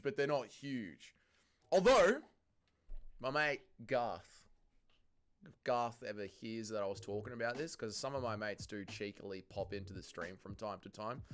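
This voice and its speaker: Lively, sweary Australian streamer. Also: male voice, mid-range voice. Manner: animated, sweary, reads chat aloud. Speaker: livestream host. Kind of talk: casual watch-along commentary.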